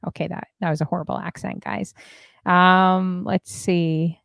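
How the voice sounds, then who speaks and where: A woman's voice: on the low side, flat delivery, a little slow, gravelly, dry recording, lo-fi sound. A woman hosting a casual livestream, chatting and reading viewer messages aloud with lots of fillers. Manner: chatty, many fillers, reads comments aloud. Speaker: stream host.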